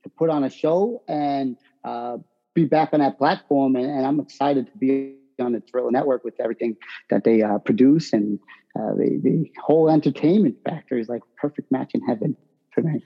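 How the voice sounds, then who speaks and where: A man, a boxer giving brash, animated answers in an interview. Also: medium pitch, moderate pace, lo-fi sound.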